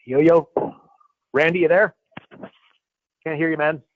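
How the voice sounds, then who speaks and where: A fairly high-voiced man hosts a live coaching call over a thin, phone-like line with a dry sound. He talks in an upbeat, slangy way and calls his callers buddy and man. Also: fairly even intonation, measured pace, no room sound.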